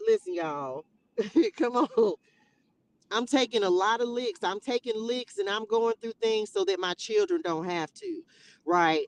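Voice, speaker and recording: A woman's voice: mid-range voice, expressive, measured pace, low-quality recording. A woman hosting a casual Bible study livestream, talking emotionally and straight to her viewers. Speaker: livestream host.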